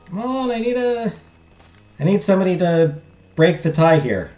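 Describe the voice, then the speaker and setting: A man's voice: high voice, expressive, moderate pace, darkish tone. A young man joking around as he plays a story game and reads its text aloud. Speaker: gaming streamer. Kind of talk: let's play commentary. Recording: echoey room, faint music.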